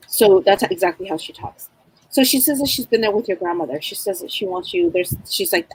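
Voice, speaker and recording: A middle-aged woman giving a psychic reading in casual, rambling chat, with a husky voice. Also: on the low side, lively intonation, fast talker, low-quality recording. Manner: rambling, chatty, acts out spirits' voices. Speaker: psychic reader.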